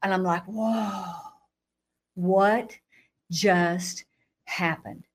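A woman guest recounts her personal testimony in an animated, dramatic way. Her voice sits at a middle pitch. She plays out her own past thoughts with sudden jumps in pitch and laughs between phrases. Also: very slow, husky. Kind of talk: animated testimony storytelling in an interview.

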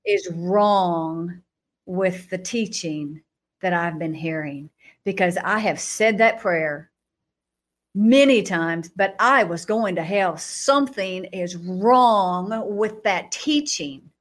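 A woman guest telling her personal testimony in an interview. She talks dramatically, acts out her own past thoughts with sudden jumps in pitch, and laughs between phrases. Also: takes it slowly. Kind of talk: animated testimony storytelling in an interview.

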